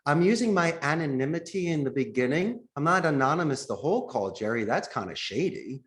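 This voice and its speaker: A man's voice: a little high, very animated, brisk. A man who founded a call center, a podcast guest explaining phone sales techniques and acting out sample calls as he goes.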